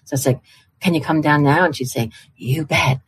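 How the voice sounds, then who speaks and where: Older woman guest, low voice, chatty anecdotes with acted-out voices. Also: quick pace, husky. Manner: chatty, acts out quoted voices. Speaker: publishing marketing executive, guest. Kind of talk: casual storytelling in a conversation.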